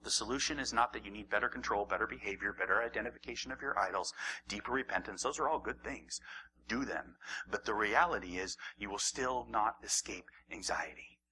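A man preaching a sermon, acting out the story and swinging from raised, animated lines to hushed near-whispers. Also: fairly low pitch, brisk, a little hiss or hum, rough recording. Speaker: pastor.

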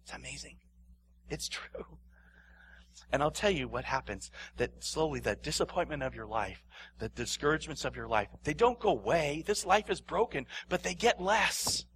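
A man preaching a sermon as pastor. He swings between loud, emphatic lines and hushed near-whispers, laughs often, and repeats phrases for effect. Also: a little high.

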